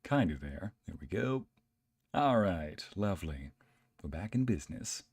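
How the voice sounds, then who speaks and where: Low-voiced man chatting on a livestream. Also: big pitch swings, a little slow, darkish tone, slightly rough, no room sound. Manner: friendly, greets chat by name, playful exclamations. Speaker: streamer and narrator. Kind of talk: casual livestream chat. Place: home streaming setup.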